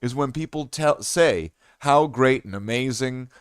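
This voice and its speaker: A man's voice: medium pitch, unhurried, clean tone, dry recording, studio quality. Profane, rambling male game streamer. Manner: rambling, heavily profane ranting with many restarts. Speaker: live streamer and gaming host. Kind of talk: live stream commentary.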